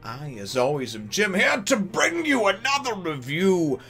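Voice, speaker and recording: A man's voice: high-pitched, wildly swooping pitch, measured pace, pushed and bright, breathy edge, faint music behind. Rambling, laughing manga review host, a man. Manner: rambling, chatty, laughs often, many fillers. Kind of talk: casual chapter review vlog.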